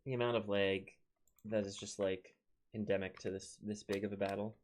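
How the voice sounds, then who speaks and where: A man's voice: on the low side, flat delivery, moderate pace, a little hiss or hum. A young man with a Minnesotan accent, chatting casually as he plays a strategy game and talks to his units. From Minnesota, United States. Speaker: let's play host. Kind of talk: casual gameplay commentary.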